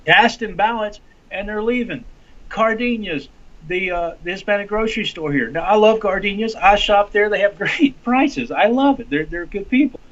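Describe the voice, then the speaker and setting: Guy running for congress, kinda high voice, storytelling with lots of restarts, dull lo-fi sound. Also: normal speed. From Arkansas. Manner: animated storytelling with many restarts. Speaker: congressional candidate. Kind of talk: casual interview talk. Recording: lo-fi dull audio.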